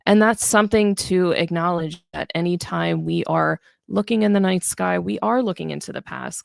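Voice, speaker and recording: A woman hosting a live astronomy lesson, chatting her way through the stars with frequent fillers and self-corrections. Her voice is strongly gravelly with fry and sits on the lower side. The sound is close and dry. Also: a little mellow, dry recording. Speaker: author and astronomy educator. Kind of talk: live-streamed stargazing lesson.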